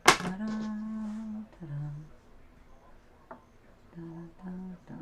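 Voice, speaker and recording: A middle-aged woman chats her way through a sewing project, humming and murmuring to herself as she goes. Her voice sits low and mellow, and she takes her time. A faint noise hangs in the background. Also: creaky, rough recording. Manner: chatty, hums and sings to herself while working. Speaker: quilting vlogger. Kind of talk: casual crafting talk while sewing.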